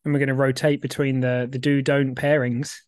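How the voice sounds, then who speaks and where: A man's voice: medium pitch, level tone, brisk, no room sound. A man co-hosting a casual podcast chat, giggly and self-mocking. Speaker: podcast co-host.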